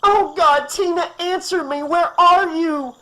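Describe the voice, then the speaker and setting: A man's voice: very high voice, fairly even intonation, slow pace, bright, forceful tone, pitched above the performer's own voice, heavily acted, poor audio. A man voicing a hysterical mother who shrieks and cries as she searches for her daughter. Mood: frantic screaming. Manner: shrieking, frantic, pleading. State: crying.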